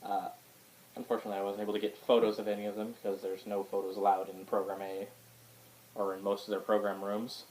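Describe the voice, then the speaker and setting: A man's voice: fairly low pitch, level tone, fast, darkish tone, low-quality recording. A man casually showing his book collection to the camera in a rambling, hesitant way, with lots of fillers and restarts. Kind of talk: casual show-and-tell vlog. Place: indoors at home.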